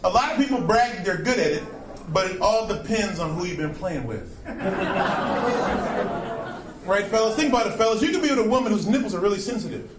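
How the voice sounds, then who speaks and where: A man performing stand-up comedy, animated and breaking into impressions of other voices. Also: high-pitched, moderate pace, long pauses, background noise. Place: comedy club stage. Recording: roomy live club sound from a distance with loud crowd. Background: audience laughing.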